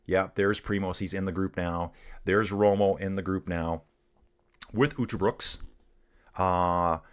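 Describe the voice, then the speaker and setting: A middle-aged Canadian man with a fairly low voice hosts a live cycling stream, commenting on the race and chatting casually and excitedly with viewers.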